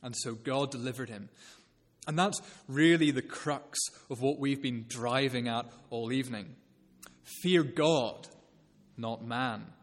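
A man preaching an earnest, measured expository sermon. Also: medium pitch. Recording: long reverb of a hall.

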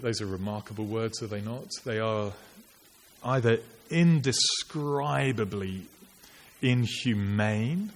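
A man with a fairly low voice delivers an earnest, reflective sermon in a conversational tone. His words ring out with a long church reverb, and a faint hiss runs under the recording. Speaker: preacher.

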